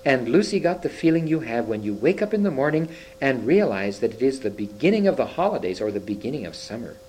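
A man reading a children's story aloud, expressive, with occasional slips and restarts. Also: mid-range voice, quick pace, slight background noise, rough recording. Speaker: reader.

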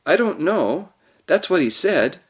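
A man's voice: on the high side, big pitch swings, measured pace, slightly rough, pitched above the performer's own voice, heavily acted. A man reading aloud and voicing an earnest young girl who pleads and urges. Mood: urgent.

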